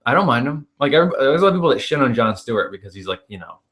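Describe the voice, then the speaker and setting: A man's voice: medium pitch, sing-song, racing, fairly bright tone. A young man hosting a podcast in casual, profane, rambling chat, often laughing. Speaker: podcast host.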